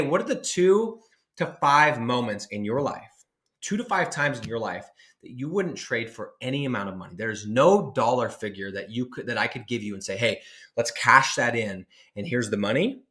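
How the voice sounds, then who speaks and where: A man's voice: medium pitch, animated, a little fast, fairly bright tone. A man in his thirties giving an emphatic, rambling motivational talk to camera, with many restarts. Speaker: online business coach.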